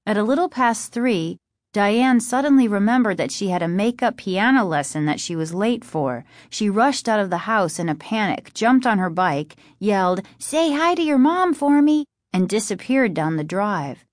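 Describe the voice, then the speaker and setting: A woman narrates a chapter book in a steady, even storytelling voice. Her pitch sits in the middle range for a woman. The recording is close and dry. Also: moderate pace, no echo. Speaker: audiobook narrator. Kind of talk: scripted narration.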